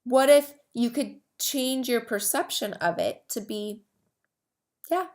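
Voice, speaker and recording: A woman's voice: fairly high pitch, takes it slowly, a little mellow. A woman hosting her own advocacy podcast, talking casually to camera in a rambling way with many asides and restarts. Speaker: host of a herpes advocacy podcast.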